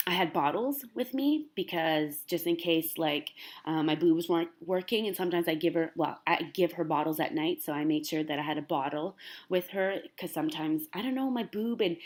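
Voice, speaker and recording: Chatty young woman, slightly low voice. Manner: chatty and rambling, lots of "like", animated storytelling. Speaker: vlogger. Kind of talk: casual chat to camera.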